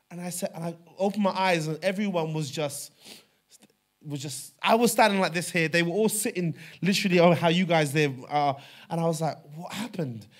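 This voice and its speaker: Fervent male preacher, slightly high voice. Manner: fervent storytelling, swings from hushed to loud. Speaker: pastor. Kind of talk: sermon.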